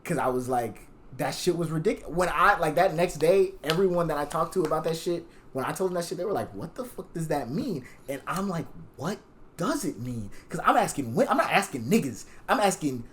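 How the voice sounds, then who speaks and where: A young man chatting casually on a podcast, telling a story with lots of profanity. He acts out the lines he quotes, so his voice swings in pitch and loudness. A faint hiss of noise sits behind him. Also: animated, fairly quick, few pauses. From Jamaican. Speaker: podcast guest.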